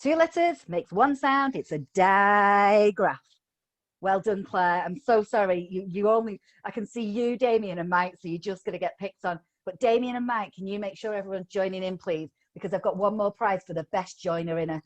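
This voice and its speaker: A woman's voice: medium pitch, fairly even intonation, a little fast, hardly any pauses, darkish tone. A middle-aged woman training teachers in phonics over a video call, upbeat, coaxing and playful. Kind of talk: live online teacher training.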